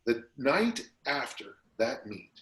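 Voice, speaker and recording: A man who is a strength coach, guest on a podcast interview, telling stories in a lively, casual way and acting out the people he quotes. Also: medium pitch, takes it slowly. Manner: animated storyteller who acts out quotes. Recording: roomy echo.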